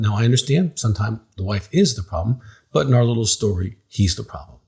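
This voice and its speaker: A middle-aged man, a psychologist and counseling director, giving direct-to-camera advice in an emphatic, animated storytelling way that acts out the dialogue. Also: lowish voice, quick pace, creaky, breathy edge.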